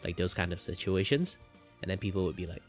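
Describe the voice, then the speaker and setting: A young Malaysian man chats casually while drawing on a stream, rambling with lots of filler words and flipping between a low voice and a higher one. He talks fast with lively intonation over faint music.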